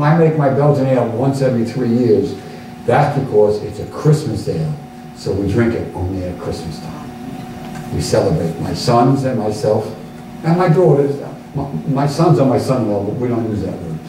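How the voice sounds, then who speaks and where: A man's voice: fairly low pitch, noisy background. An older man with a New York accent, giving a chatty, rambling talk to an audience. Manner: chatty, rambling, frequent restarts. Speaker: guest lecturer. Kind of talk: informal lecture with audience questions. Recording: echoey hall from far off.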